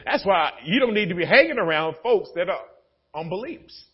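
A male pastor with a high voice that leaps up and down as he preaches. His tone is husky, and it shifts from relaxed storytelling to shouted, laughing exhortation. The sermon is recorded in a church sanctuary with dull, lo-fi sound. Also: fairly quick.

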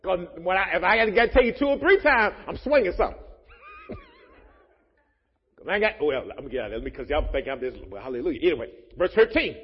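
Husky-voiced preacher in an echoey church. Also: male voice, high voice, very animated, quick pace. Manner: preaches with loud rising emphasis and joking asides. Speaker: pastor. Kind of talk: sermon. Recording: muffled, echoey church hall.

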